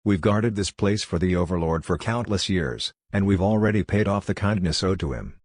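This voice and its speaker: A calm, solemn spirit guardian of an ancient land speaks in a low voice, as a man narrator reads him. The sound is dry and close. This comes from a fantasy audiobook. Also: normal speed, no echo. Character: ancient calm phantom guardian, male, sorrowful.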